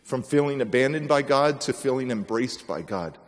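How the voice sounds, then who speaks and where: With lively intonation and a moderate pace, a man of mid-range pitch gives a motivational speech, dramatizing a personal story and impersonating those involved. The recording carries a large hall's long reverb.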